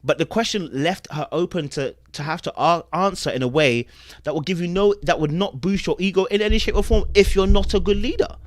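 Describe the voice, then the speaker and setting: A man's voice: high-pitched, a little fast, dry recording, studio quality. A man, hosting a podcast and giving casual commentary on a dating show, acting out quotes and asking rhetorical questions. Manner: animated, acts out quotes, asks rhetorical questions.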